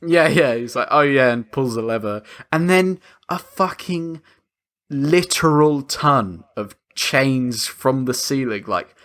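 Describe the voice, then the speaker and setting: A man's voice: medium pitch, lively intonation, takes it slowly, a bit bright. Laid-back sweary man on a podcast. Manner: loose, sweary, laughs a lot, quotes characters. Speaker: podcast co-host. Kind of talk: casual film-review chat.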